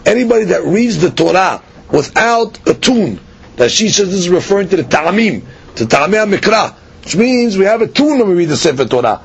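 A man's voice: sing-song, a little fast, gravelly, husky. A man teaching a daily Talmud class in a Sephardic Hebrew style, explaining Aramaic phrases line by line with frequent fillers and repeats. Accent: Sephardic Hebrew pronunciation. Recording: dull lo-fi podcast audio with faint rumble.

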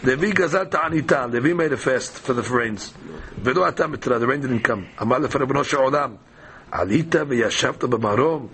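A man's voice: medium pitch, quick pace, fairly bright tone. A man teaching a daily Talmud class, reading the Aramaic text aloud and explaining it in casual, conversational English.

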